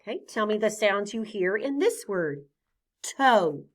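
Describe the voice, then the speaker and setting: Woman teacher, phonics lesson for small children, very slow deliberate delivery, patient, sounds spelled out one by one. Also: mid-range voice, animated.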